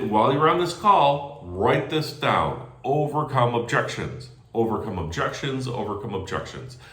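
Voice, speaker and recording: A man giving energetic sales call training who often adds "right?" after his points. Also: mid-range voice, reverberant. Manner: energetic, animated, tags lines with "right?". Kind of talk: training talk.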